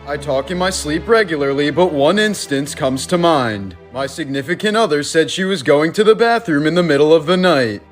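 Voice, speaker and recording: A man reading creepy stories for a short video compilation in an even, measured way. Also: on the high side, faint music behind. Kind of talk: narrating a compilation clip.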